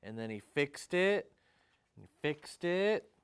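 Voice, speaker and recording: A man telling a traditional story, speaking each phrase slowly and then translating it into English, with chant-like repetitions. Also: fairly high pitch, very animated, clean tone. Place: community storytelling event.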